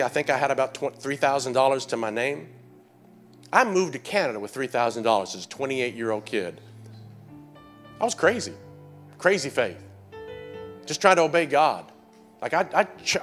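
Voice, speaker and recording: A middle-aged male pastor preaching to his church, his fairly high voice bright and forceful. He swings between hushed, confiding passages and surging shouted calls to the congregation, with soft music playing underneath. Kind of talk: sermon.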